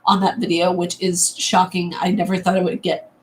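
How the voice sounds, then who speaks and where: A woman's voice: fairly low pitch, flat delivery, normal speed, slight background noise, poor audio. A woman hosting her own live stream, chatting casually, rambling a little, laughing often and greeting viewers as they arrive.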